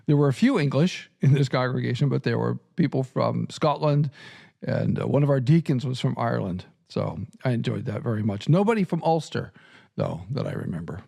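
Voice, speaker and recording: A man's voice: medium pitch, expressive, a little fast, creaky, mellow, slightly rough. A middle-aged man from Nebraska hosting a podcast in casual chat, chuckling often and restarting his sentences. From Nebraska, USA. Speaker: podcast host and seminary professor.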